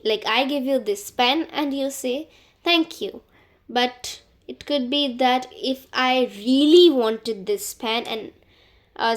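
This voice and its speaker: A woman teaching beginner French greetings, saying each word slowly and more than once. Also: on the high side. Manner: slow, careful pronunciation drills with repeated words. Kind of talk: beginner language lesson.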